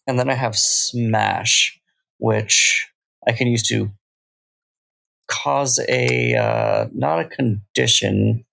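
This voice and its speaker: Gravelly slow-talking man player. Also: fairly low pitch, animated, bright, forceful tone. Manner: hesitant, laughing. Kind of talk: casual game chat.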